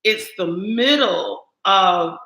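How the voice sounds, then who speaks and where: A woman co-hosting a casual chat, telling a story with animated acted-out quotes. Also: medium pitch, extremely slow, vocal fry. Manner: animated, acts out quoted lines. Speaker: co-host. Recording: roomy echo.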